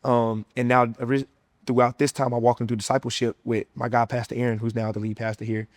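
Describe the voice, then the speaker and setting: A young man in his twenties tells his personal faith story in a relaxed, conversational way. He keeps dropping fillers like "man" and "you know" as he talks. His voice sits at an ordinary pitch, and the sound is dry and close, with no room echo. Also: quick pace. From United States. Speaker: former college football player sharing testimony.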